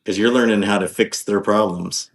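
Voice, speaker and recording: A man's voice: lowish voice, steady tone, moderate pace. A man guesting on a podcast, talking casually in a rambling, hesitant way with many ums and restarts. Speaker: podcast guest, off-road driver.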